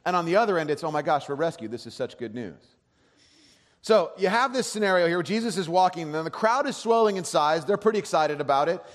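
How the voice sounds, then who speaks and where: A man's voice: on the high side, expressive, fast. Conversational man preaching in a reverberant hall. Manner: conversational, checks in with the audience. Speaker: pastor. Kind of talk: sermon.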